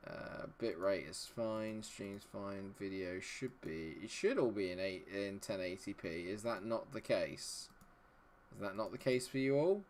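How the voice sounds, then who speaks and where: A man's voice: on the low side, measured pace, darkish tone, a little hiss or hum. A man live-streaming a game, chatting with his viewers and muttering to himself while he checks settings. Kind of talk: live-stream commentary talking to chat.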